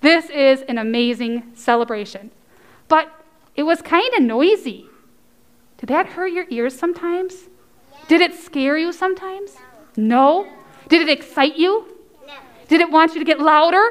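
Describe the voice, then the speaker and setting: A woman leading a children's message at church, telling a story with excited cheers and coaxing the kids to join in. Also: high voice, unhurried, pauses often. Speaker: children's sermon leader.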